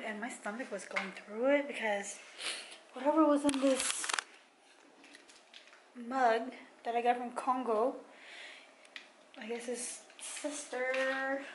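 A young woman with a slightly high voice records a casual travel vlog on her phone outdoors. She talks in a chatty, slangy way and laughs often. Clear outdoor noise hums behind her. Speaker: travel vlogger. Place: outdoors on a tourist strip and by a pier.

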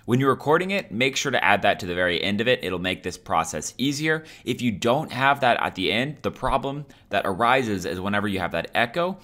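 A man hosting a software tutorial, explaining each step in a casual, upbeat way. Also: lowish voice, sing-song, fairly quick, hardly any pauses. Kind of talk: screen-recorded software tutorial.

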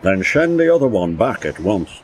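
A man's voice: fairly low pitch, very animated, normal speed, a little hiss or hum, poor audio. A man voicing a stern, impatient male railway boss in a storybook, speaking grimly and firmly. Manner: stern, patient but firm.

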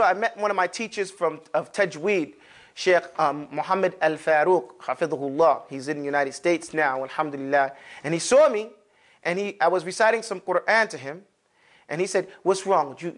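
High voiced guy teaching a class, animated, drawing out each sound for students. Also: normal speed. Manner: animated, demonstrates sounds with exaggerated mouth shapes. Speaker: Arabic pronunciation teacher. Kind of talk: classroom lesson.

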